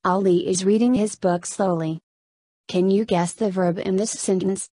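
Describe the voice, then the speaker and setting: A woman teacher narrating a scripted lesson, reading slowly and carefully and addressing her students. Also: mid-range voice, steady tone, warm tone, no echo.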